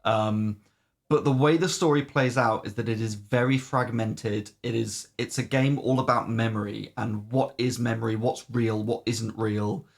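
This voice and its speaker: A man's voice: mid-range voice, fairly even intonation, normal speed, vocal fry. A man co-hosting a podcast, casually reviewing games with lots of ums and the odd swear. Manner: rambling, many "um"s, swears casually. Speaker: podcast co-host. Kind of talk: casual game review chat.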